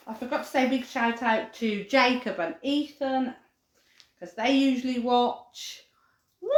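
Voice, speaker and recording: Lively woman teaching kids crafts. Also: fairly high pitch, moderate pace, echoey room. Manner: chatty, animated, says dog barks playfully. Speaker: children's craft presenter. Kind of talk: live craft demonstration for children.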